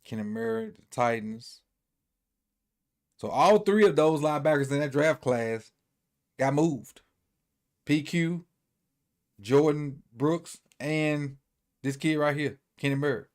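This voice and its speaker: A man's voice: fairly high pitch, slow pace, long pauses. Easygoing man rambling through a sports recap. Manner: loose, rambling, repeats himself, thinks aloud. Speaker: sports commentator.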